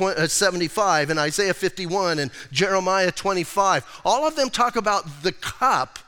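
A man with an American accent preaching a conversational, animated sermon as pastor, acting out quotes along the way. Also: sits high. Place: church sanctuary. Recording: reverberant church hall recording.

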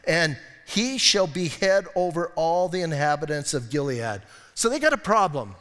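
A male pastor preaching a sermon, reading scripture aloud with animated emphasis and dropping to hushed asides. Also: a little high, moderate pace, big-room sound.

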